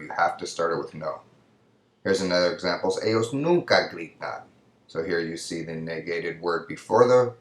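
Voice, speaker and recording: In an echoey room, a low-voiced man teaches a recorded Spanish lesson over slides. He explains things patiently, repeatedly checking in with a "right?"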